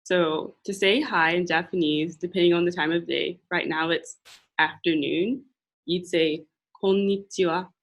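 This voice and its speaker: A young woman presenting a classroom lesson, speaking patiently and repeating phrases slowly for learners. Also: fairly low pitch, steady tone, a bit bright. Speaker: language and culture presenter. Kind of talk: classroom teaching.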